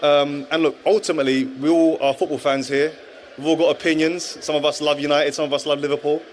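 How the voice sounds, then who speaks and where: A man's voice: a little high, flat delivery, a little fast, a little hiss or hum. A man in his thirties, a former footballer and guest at a live event, telling his story in an earnest, reflective way with frequent restarts. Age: 30s. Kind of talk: live stage interview, testimony.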